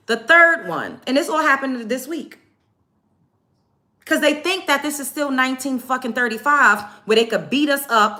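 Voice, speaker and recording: A woman's voice: high voice, bright, forceful tone. A woman hosting a livestream, retelling events to her chat in a heated, profane, emphatic rant. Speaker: livestream host.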